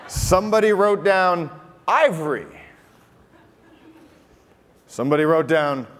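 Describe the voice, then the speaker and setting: A man's voice: fairly high pitch, sing-song, brisk. A man with a Canadian accent performing a comedy magic act on stage, teasing the audience with playful crowd work. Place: large hotel conference hall. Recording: live hall with long reverb, faint room noise.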